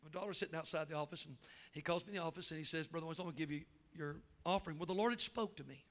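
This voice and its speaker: A man's voice: on the high side, racing. A traveling preacher, a man, telling a folksy story in a sermon and acting out the voices in it. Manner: folksy, animated storytelling with acted quotes.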